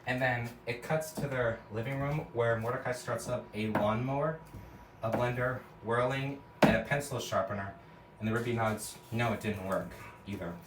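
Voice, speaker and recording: A man's voice: mid-range voice, fairly even intonation, normal speed, background noise. A man casually retelling a cartoon episode scene by scene, rambling with lots of "and then" and "like". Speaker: storyteller. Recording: echoey room, from a distance.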